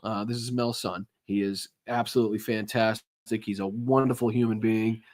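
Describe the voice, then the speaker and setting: A man's voice: on the low side, fairly even intonation, moderate pace, a little mellow. A man hosting a political podcast live from home, chatting loosely, swearing and thanking viewers. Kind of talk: casual live-stream chat.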